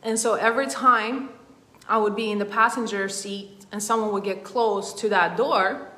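Woman coach, bright voice, rambling conversational storyteller, roomy echo. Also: mid-range voice, steady tone, moderate pace. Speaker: emotional intelligence coach. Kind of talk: personal story told in a masterclass.

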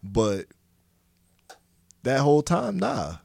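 A man's voice: medium pitch, wildly swooping pitch, takes it slowly, creaky, darkish tone, dry recording, studio quality. A man co-hosting a podcast, talking in a laid-back, slangy way with many fillers. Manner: laid-back, slangy, says "you know what I'm saying". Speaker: podcast co-host. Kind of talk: casual podcast banter.

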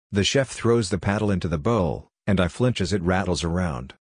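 A man narrating a story in an even, measured reading. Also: sits low, slightly rough, no room sound, studio quality. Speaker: audiobook reader.

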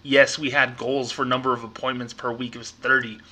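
A man's voice: mid-range voice, little pitch movement, a little fast, pushed and bright. A young man hosting a podcast, frankly ranting and telling stories about his old bank job. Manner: frank, ranting, storytelling with acted quotes. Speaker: podcast host, former bank employee. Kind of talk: casual monologue podcast.

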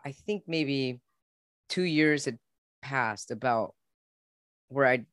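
A man's voice: medium pitch, slow, fairly bright tone, clear, resonant tone, no room sound, studio quality. A man as a podcast guest, telling his own life story in an earnest, openly emotional way. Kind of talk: heartfelt personal storytelling.

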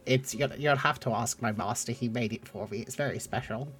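A man's voice: mid-range voice, a little fast, a bit bright, soft background music, natural voice. A man voicing a tiny, damp, frog-like male creature who is timid and polite and stammers a lot. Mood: eager. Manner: hesitant, stammering.

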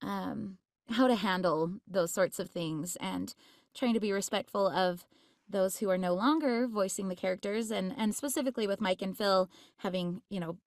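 A woman's voice: mid-range voice, moderate pace, no echo, studio quality. A woman voice actress chatting in an interview, bubbly and laughing often, with many fillers. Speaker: voice actress guest. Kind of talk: casual interview chat.

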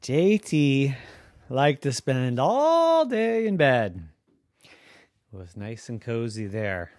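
A man telling a children's bedtime story in a playful, expressive way. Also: medium pitch, takes it slowly, no echo, clean studio sound.

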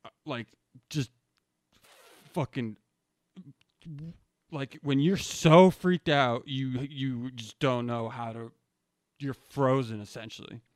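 A young man tells a personal story in a loose, rambling way, full of slang and "dude." His pitch sits mid-range for a man. He restarts sentences often, and the recording is close and dry with no room echo. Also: takes it slowly, long pauses, a little mellow. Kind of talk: casual storytelling.

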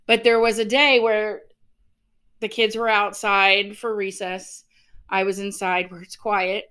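Bright-voiced woman in her fifties. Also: mid-range voice, flat delivery, unhurried, clear, resonant tone. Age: 50s. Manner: candid, laughs often, acts out past dialogue. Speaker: podcast co-host. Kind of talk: casual chat.

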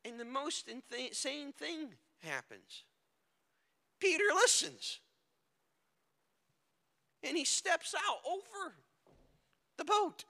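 A male preacher giving a dramatic sermon, moving between hushed and loud delivery. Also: extremely high pitch, lively intonation, slow, vocal fry, pauses often. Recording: echoey hall with long reverb.

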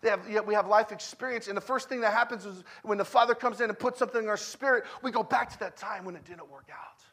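A man, a guest preacher in his thirties or forties, giving a conversational sermon with personal stories, repeating phrases emphatically and swinging from loud declarations to hushed, quiet stretches. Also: high-pitched, fast.

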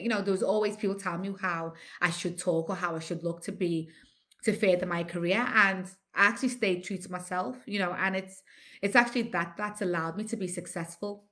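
A woman in her forties with a Scouse accent tells stories with lively energy. Her voice is bright and forward. She talks like a presenter in relaxed conversation. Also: on the low side, a little fast. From Liverpool, England. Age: 40s. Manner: animated storyteller, laughs often. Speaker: TV presenter and guest. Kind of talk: casual interview chat.

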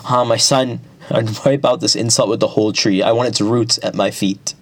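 A man's voice: medium pitch, steady tone, normal speed, dry recording, natural voice. A man voicing a grieving, humiliated royal mother in a spoken folk tale. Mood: vengeful.

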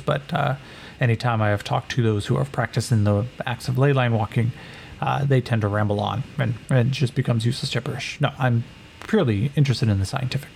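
A man's voice: mid-range voice, vocal fry, darkish tone, slight background noise, close to an everyday voice. A man voicing a cold, calculating female Atlantean scientist who lectures in a clinical, condescending way.

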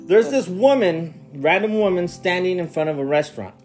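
A man's voice: sits high, normal speed, faint music behind. A man casually retelling a strange movie scene by scene, incredulous and swearing as he goes. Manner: animated, incredulous storytelling with swearing. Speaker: podcast co-host. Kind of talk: casual movie recap chat.

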